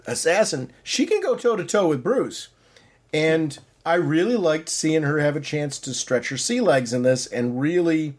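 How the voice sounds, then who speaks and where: A man co-hosting a comics podcast, talking in an eager, rambling way with frequent restarts. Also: a little high. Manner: enthusiastic, rambling, many restarts. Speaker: podcast co-host. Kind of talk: casual chat.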